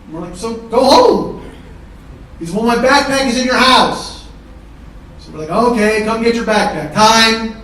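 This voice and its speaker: Man, middle-aged, stand-up storyteller, profane, animated, distant mic, very echoey theater. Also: extremely high pitch, moderate pace. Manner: animated, profane, shouts quoted kids' lines. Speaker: stand-up comedian. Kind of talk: live one-man comedy storytelling. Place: live theater stage with audience laughing.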